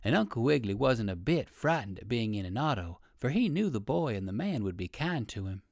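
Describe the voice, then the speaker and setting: A man reading an old children's storybook aloud, with lively sing-song storytelling. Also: medium pitch, a little fast, creaky, dry recording, studio quality. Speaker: audiobook reader.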